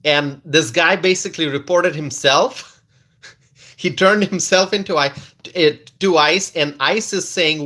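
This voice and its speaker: A man's voice: a little high, pushed and bright. A man hosting a casual political livestream, laughing often and repeating lines for effect, with frequent restarts. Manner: slow drawn-out delivery with many restarts. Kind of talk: casual commentary to live viewers.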